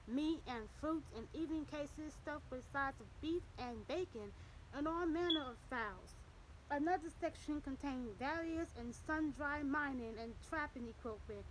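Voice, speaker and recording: A woman narrates an audiobook western in a steady, measured way. Her voice sits high. A faint background hiss runs under the reading. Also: poor audio.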